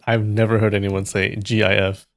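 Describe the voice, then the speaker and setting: A man's voice: on the low side, little pitch movement, moderate pace, dry recording. A man hosting a live stream, chatting casually with viewers and joking and teasing with frequent laughs.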